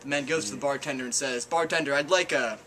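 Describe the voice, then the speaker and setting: A man's voice: medium pitch, fast talker, a crowd in the background. A young man telling bar jokes casually among friends at home, rambling and hesitant with fillers. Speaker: joke teller. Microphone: handheld camcorder. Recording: faint background noise, home camcorder.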